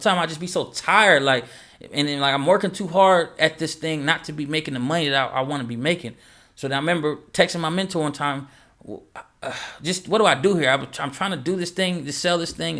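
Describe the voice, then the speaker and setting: A man, a music producer who coaches other producers, talking casually and with energy and acting out quoted advice. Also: fairly high pitch. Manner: animated, acts out quoted dialogue, repeats phrases. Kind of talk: casual motivational talk to camera.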